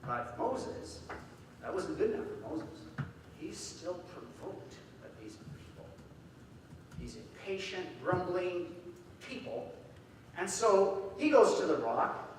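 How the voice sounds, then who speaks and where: Animated male preacher, high voice, distant mic in a reverberant hall. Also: normal speed, a little hiss or hum. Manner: animated, acts out quoted voices. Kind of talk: sermon. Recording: echoey hall from far off.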